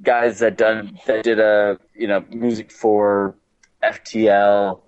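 A man's voice: fairly low pitch, flat delivery, slow pace, a little mellow, muffled recording. A man chatting casually about video games on a podcast, rambling with lots of fillers and restarts.

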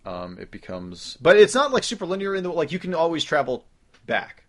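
A man co-hosting a casual gaming podcast, talking loosely with plenty of swearing and quick interjections. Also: fairly high pitch, big pitch swings. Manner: loose, profane, quick to jump in. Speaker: podcast co-host.

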